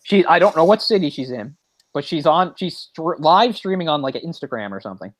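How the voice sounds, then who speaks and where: A man's voice: on the high side, expressive, brisk, dry recording. A man co-hosting a movie podcast, talking in a rambling, casual way with lots of fillers and restarts. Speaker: podcast co-host. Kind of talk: casual chat.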